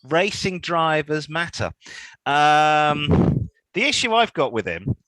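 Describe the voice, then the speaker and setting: A man's voice: fairly high pitch, sing-song, slow pace, a bit bright, no room sound, poor audio. A man co-hosting a casual show, reading news aloud with mocking asides and laughter. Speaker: podcast co-host.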